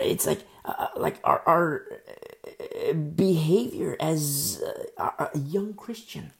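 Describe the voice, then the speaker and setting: A middle-aged woman teaching a Bible study sermon in an informal, conversational way. She repeats key phrases and stammers when she gets excited. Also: mid-range voice, gravelly.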